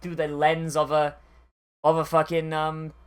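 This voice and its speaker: Anime reviewer, casual reaction commentary, rambling, profane, lots of fillers, mid pitch. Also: monotone, a little slow, clean tone.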